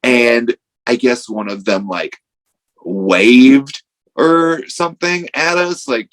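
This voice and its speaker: A man's voice: mid-range voice, fairly bright tone, low-quality recording. A man, a wrestler guest on a podcast, telling a casual story with lots of "like" and acted-out quotes. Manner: rambling storytelling full of "like", acting out quotes.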